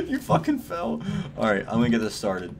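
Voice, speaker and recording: A man playing a game role-play over voice chat, rowdy, often laughing and shouting. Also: mid-range voice, background noise. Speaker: player.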